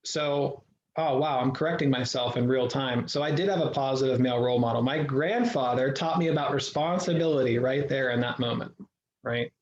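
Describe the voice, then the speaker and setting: A man's voice: medium pitch, fairly quick. A man telling his life story as a guest in an interview, earnest and reflective, often restarting his sentences. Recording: echoey room, dull lo-fi sound.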